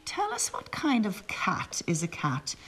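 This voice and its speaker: A woman voicing a scruffy, sneering alley tomcat who mocks and yells. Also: mid-range voice, huge pitch swings, unhurried, exaggerated voice. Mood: mocking. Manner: mocking, yelling.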